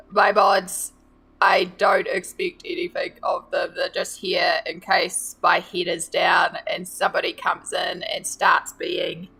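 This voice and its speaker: A woman's voice: on the low side, vocal fry, fairly bright tone, husky. A woman, chatting casually with viewers on a live stream while she colours, greeting and thanking them by name. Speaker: art streamer.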